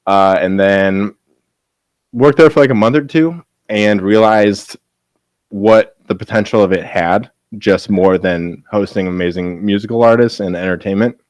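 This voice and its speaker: A man's voice: lowish voice, a little slow, darkish tone, dry recording. A man chatting as a podcast guest, upbeat and full of fillers like "like.". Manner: filler-heavy, upbeat, lots of "like". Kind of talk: casual chat.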